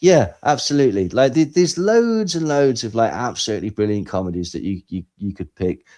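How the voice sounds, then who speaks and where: Man, podcast co-host, sarcastic, lively swooping pitch, mid-range voice. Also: brisk. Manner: animated, sarcastic, swings between loud and quiet. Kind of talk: casual commentary chat.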